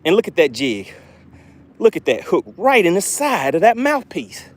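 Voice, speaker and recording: A man hosting a live fishing stream from a boat outdoors, excitably narrating his catch and reading chat aloud. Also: high-pitched, moderate pace. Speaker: fishing livestream host.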